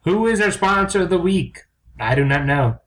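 A man's voice: sits high, animated, moderate pace, fairly bright tone. A man co-hosting a comedy podcast in casual chat, rambling, crude and self-mocking. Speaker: podcast co-host.

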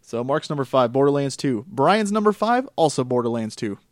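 A man co-hosting a gaming podcast, chatting casually and telling animated stories with frequent laughter. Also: mid-range voice, brisk, dry recording, studio quality. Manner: laughs often, animated storytelling. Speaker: podcast co-host. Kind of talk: casual chat about games.

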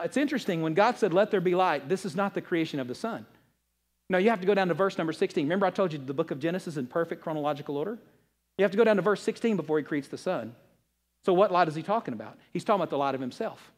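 A man preaching a sermon, asking the audience questions and swinging between loud passages and hushed ones. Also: high-pitched, lively intonation, fast. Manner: asks the audience rhetorical questions. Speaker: pastor.

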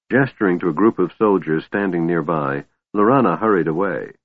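Man, audiobook narrator, low voice, measured, dry, phone-like sound. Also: no room sound. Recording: tinny phone-like line, dry.

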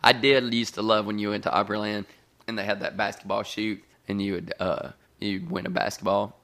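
A man's voice: fairly low pitch, animated, brisk, fairly bright tone. A man in casual chat who keeps chiming in with jokes and casual swearing. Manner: joking, chimes in, swears casually.

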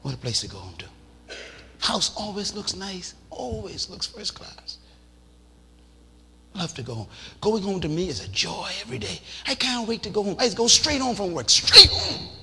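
A man preaching a sermon in a lively, animated way, acting out little scenes and shouting for emphasis. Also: high voice, normal speed. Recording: reverberant hall with faint noise.

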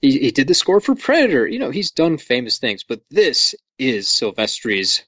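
A man's voice: medium pitch, huge pitch swings, normal speed, a bit bright, no room sound. A man co-hosting a podcast, chatting casually and enthusiastically about a movie, with some swearing and joking. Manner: enthusiastic, profane, jokey. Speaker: podcast co-host. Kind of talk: casual movie commentary chat. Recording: dull lo-fi dry sound.

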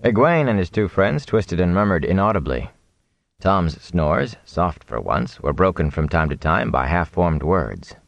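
A man narrating a fantasy audiobook in a steady, measured reading. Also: low-pitched, creaky, dry recording.

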